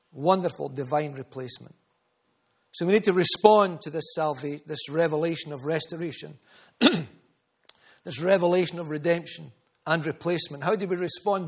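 A man preaching a sermon, fervent and rhythmic, calling out members of the congregation by name. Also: fairly high pitch. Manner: rhythmic repetition, builds in volume.

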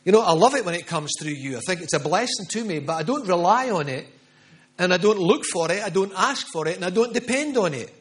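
A man's voice: sits high, lively intonation, quick pace. A middle-aged man preaching a charismatic sermon with prophetic words, fervent and emphatic, repeating phrases for stress. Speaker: pastor.

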